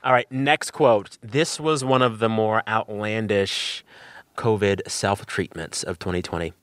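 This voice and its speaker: A man hosting a radio interview from home, chatty and quick to laugh. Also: fairly low pitch, a bit bright, dry recording. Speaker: radio show host. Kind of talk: conversational interview.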